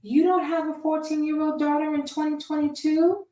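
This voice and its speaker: A woman's voice: high-pitched, flat delivery, moderate pace, dark tone, pitched above the performer's own voice, close to an everyday voice. A woman doing a mocking impression of a prim, nosy church lady who asks prying questions. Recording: echoey room, far from mic.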